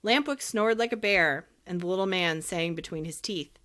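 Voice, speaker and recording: A woman's voice: fairly low pitch, moderate pace, hardly any pauses, fairly bright tone. A woman narrating a classic children's story as an audiobook, reading expressively.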